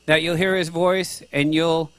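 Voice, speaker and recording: A man's voice: a little high, flat delivery, unhurried, fairly bright tone, no room sound. A man preaching a sermon to a congregation, earnest and conversational, with frequent restarts. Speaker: pastor.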